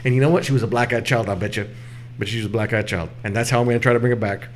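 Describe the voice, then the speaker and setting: A man co-hosting a podcast, telling a story in a rambling, halting, profane way. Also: medium pitch, steady tone, a little hiss or hum. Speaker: podcast co-host. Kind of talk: casual chat.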